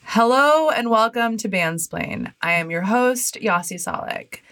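A woman's voice: a little high, expressive, a little slow, fairly bright tone. A woman hosting a music podcast, chatting casually, laughing often and rambling with lots of "like"s. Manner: giggly, rambling with many "like"s. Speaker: podcast host. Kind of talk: casual chat.

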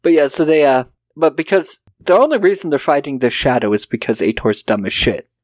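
A man with a fairly high voice recaps a movie on a podcast, cursing freely and putting on the characters' lines for laughs. The sound is dry and close, with no room around it. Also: animated, brisk, no room sound. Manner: profane, jokey, acts out characters' lines. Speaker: podcast co-host. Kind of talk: casual film review chat.

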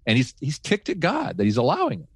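A man who once worked as a radio host, telling faith stories in casual talk, animated, laughing often and restarting his sentences. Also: mid-range voice, quick pace, husky, dry recording. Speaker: guest, former radio host.

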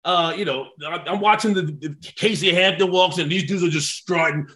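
A man, a former football player and guest, telling a story in a casual, animated way, swearing freely. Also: high voice, a little fast.

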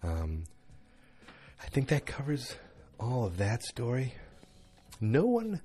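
A man's voice: medium pitch, lively intonation, takes it slowly, darkish tone, husky. A tired man yawning through a chatty, rambling late-night recap of a TV episode, full of fillers.

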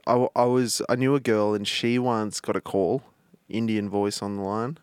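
A man's voice: lowish voice, little pitch movement, smooth, no echo. Bantering male comedian co-host. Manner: quick banter, laughs along. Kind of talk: casual chat.

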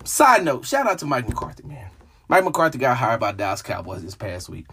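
A man hosting a solo sports show, talking in a dramatic, emotional way that jumps between hushed asides and shouting. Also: medium pitch, lively intonation, normal speed, slightly rough. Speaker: sports podcast host. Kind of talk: animated solo sports commentary.

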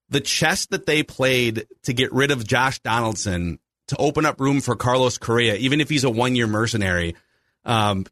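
A man's voice: medium pitch, a bit bright, dry recording. Dry, close-miked man breaking down baseball. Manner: chatty, analytical. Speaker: podcast host. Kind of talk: casual sports chat.

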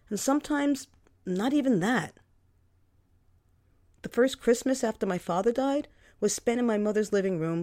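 A woman tells her own family story in the first person, wry and candid. Her pitch sits in an ordinary middle range, and her delivery is conversational rather than polished. It sounds like a personal memoir read aloud. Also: dark tone. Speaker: memoir narrator.

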